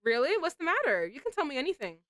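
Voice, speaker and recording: A woman voicing a cheerful, loyal high-school girl who speaks in a high, eager voice. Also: wildly swooping pitch, quick pace, a bit bright, full character voice.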